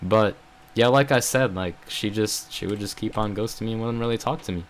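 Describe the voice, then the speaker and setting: A man's voice: fairly low pitch, a little fast, slight background noise. A young adult man telling a story in a casual vlog, rambling with lots of fillers and venting his frustration. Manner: rambling, filler-heavy, frequent "bro" and "like". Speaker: vlogger.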